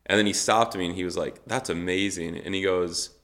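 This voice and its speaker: Deep-voiced man telling his story. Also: a little fast. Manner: animated storytelling, acts out quoted dialogue with many fillers. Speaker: missionary. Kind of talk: casual personal testimony.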